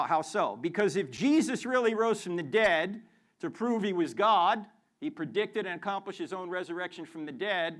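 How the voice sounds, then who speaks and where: A man giving a lively apologetics lecture to a student audience in a university hall, joking and quizzing the crowd with questions. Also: sits high. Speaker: Christian apologist speaker.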